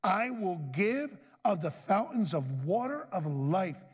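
High-voiced folksy preacher man. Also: very animated, slow, breathy edge, long reverb tail. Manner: folksy, asks the congregation for amens. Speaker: pastor. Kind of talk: sermon. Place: church sanctuary.

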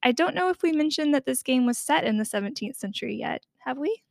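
Woman co-host, slightly high voice, dry close sound, thoughtful scholarly chat. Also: animated, quick pace, gravelly, no echo. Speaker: podcast co-host. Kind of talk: casual discussion.

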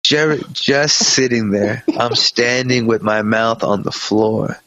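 A man's voice: medium pitch, slow, fairly bright tone, no echo. Profane male podcast co-host telling a story. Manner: reads a story aloud, swears a lot, does voices for the people in it. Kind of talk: comic storytelling. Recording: dull, dry lo-fi sound.

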